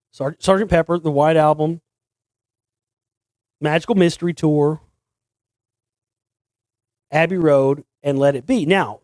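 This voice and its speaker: A host with a slightly high male voice rambles through a casual monologue, restarting often, doubling back on his words, and breaking into snippets of song. The recording sounds dry, close, and a little mellow, with no echo or room around it.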